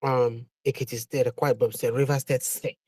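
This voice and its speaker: A man making a measured, slightly hesitant point in a live online discussion. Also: medium pitch, flat delivery, a little mellow, no room sound. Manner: measured, hesitant, with fillers and questions. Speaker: participant in an online audio discussion.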